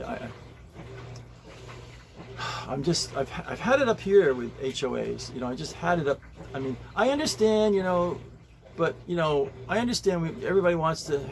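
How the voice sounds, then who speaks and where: Vlogging at home and later beside a pool, a man with a gravelly mid-range voice rambles to the camera in an earnest, homespun way, savoring small comforts. He stumbles, repeats himself and starts sentences over, against a noisy background.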